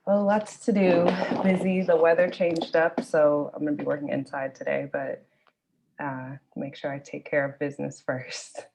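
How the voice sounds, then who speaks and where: Earnest woman with a low gravelly voice. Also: level tone, moderate pace, darkish tone, slight background noise, poor audio. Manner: earnest, hesitant, many ums. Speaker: networking group member. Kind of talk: practice referral call role-play.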